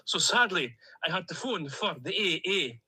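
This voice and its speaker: A chatty little plastic duck with a Stornoway lilt, as a man puts him on, who rattles through his misadventures in a jolly, rambling way. The voice sits high and very bright, with a husky edge to it. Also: big pitch swings, normal speed, heavily acted, rough recording. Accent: Scottish, Stornoway. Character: chatty plastic male emotional support duck. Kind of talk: comic voice-note monologue.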